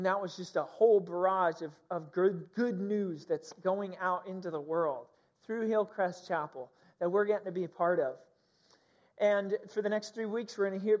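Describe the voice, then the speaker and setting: A pastor giving a conversational sermon, speaking candidly and personally with frequent fillers. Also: male voice, sits high, a little mellow.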